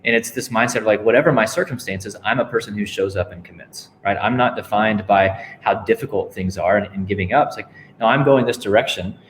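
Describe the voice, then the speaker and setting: A man giving an energetic motivational talk as a guest author and speaker, telling stories and acting out the lines of the people in them. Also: on the low side, fairly quick, a little hiss or hum. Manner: energetic storytelling, acting out quotes.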